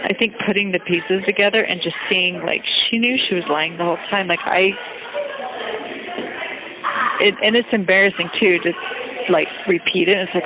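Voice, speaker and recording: A woman on a recorded phone call, talking haltingly and searching herself, with many restarts. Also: lowish voice, fairly even intonation. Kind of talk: confessional phone conversation. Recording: phone call with crowd noise.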